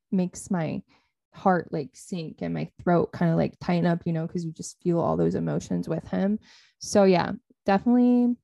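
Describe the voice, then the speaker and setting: A woman's voice: fairly low pitch, dark tone, no echo. A young adult woman co-hosting a podcast, speaking heartfelt and gushing in casual chat, full of "like" fillers. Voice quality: heartfelt, lots of "like" fillers, vocal fry. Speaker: podcast co-host.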